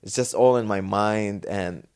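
A man from Dubai hosting a solo podcast, talking off the cuff in a casual, animated way and acting out the voices in his stories. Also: fairly low pitch, unhurried, smooth. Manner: casual, animated storytelling, acts out quotes. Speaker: podcast host. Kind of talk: unscripted solo podcast talk.

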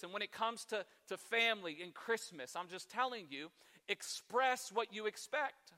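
A man's voice: high-pitched, expressive, normal speed, sharp tone, long reverb tail. A man preaching a sermon as a pastor, conversational and self-deprecating, now and then acting out his own grumbling.

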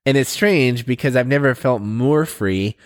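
A man in his thirties co-hosting a podcast, chatting casually and easily with quick asides. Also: medium pitch. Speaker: podcast co-host. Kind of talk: casual chat.

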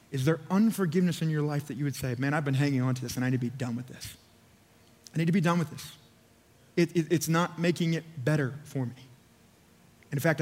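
A man's voice: fairly high pitch, darkish tone. A man preaching a sermon as pastor, fervent and urging, repeating phrases for emphasis. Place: church auditorium. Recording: long hall reverb.

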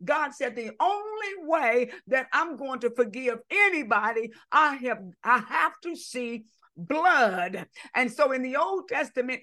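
A woman preaching an impassioned sermon, swinging between shouting and hushed asides. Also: high-pitched.

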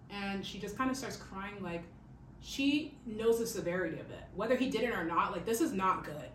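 A podcast host talks through a crime story in a chatty, conversational way, often checking in with "okay?". Her voice sits at an ordinary middle pitch. The room is echoey, she is some way from the mic, and a faint hiss runs underneath. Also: lively intonation, fairly quick, recorded from a distance. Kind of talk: casual true-crime storytelling.

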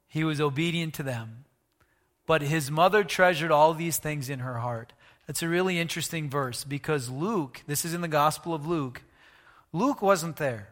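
A man preaching a sermon, animated, asking the congregation questions and moving between loud and hushed delivery. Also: a little high, moderate pace, in a large hall. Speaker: pastor.

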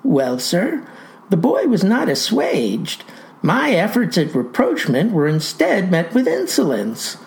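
Woman playing a wordy old farmer man, low lively voice, pompous folksy comic storyteller. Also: unhurried, creaky, full character voice, low-quality recording. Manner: ornate, pompous vocabulary with a folksy drawl. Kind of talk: comic first-person storytelling.

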